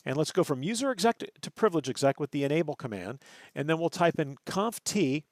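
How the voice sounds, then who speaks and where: A man's voice: fairly high pitch, sing-song, fast talker, no room sound. A man teaching a networking class over a screen recording, thinking aloud, correcting himself and stressing key terms. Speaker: networking instructor.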